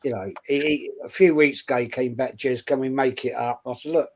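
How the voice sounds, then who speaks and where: A man's voice: mid-range voice, fairly even intonation, brisk, darkish tone, a little hiss or hum. A man, chatting bluntly and without filter as a co-host on a casual football stream. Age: 60s. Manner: blunt, unfiltered, speaks his mind. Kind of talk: casual chat.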